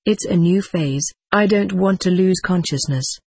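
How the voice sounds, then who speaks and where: A reader voicing the quoted words of a tired woman in a trance, in an even, measured audiobook reading. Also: medium pitch, vocal fry, slightly rough, no room sound. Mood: strained.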